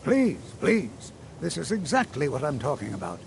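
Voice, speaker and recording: A gentle old wizard instructor from a fantasy video game, lecturing his class with a lively, rising and falling voice and a gravelly crackle. Slightly high for an old man. Steady background noise runs under the game audio. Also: moderate pace, full character voice. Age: older. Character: patient, kindly old male wizard teacher. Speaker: magic instructor.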